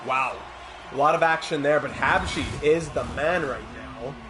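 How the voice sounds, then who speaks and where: Speaking a little slowly in a mid-range voice, with background noise, a man streams a hockey video game. He calls the plays as if he were a sportscaster and talks with viewers between them.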